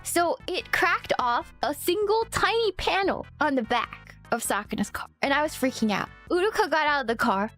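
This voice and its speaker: A high-pitched woman streamer tells a story in loose, casual chat. She laughs often, curses freely and repeats phrases when excited. Soft music plays quietly underneath. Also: normal speed, hardly any pauses.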